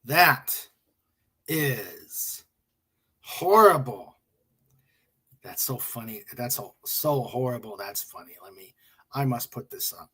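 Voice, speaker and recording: Slow, husky-voiced man chatting. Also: medium pitch, expressive, a bit bright. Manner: chuckling, muttering, hums and scats to himself. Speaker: livestream host. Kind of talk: casual chat reading memes aloud.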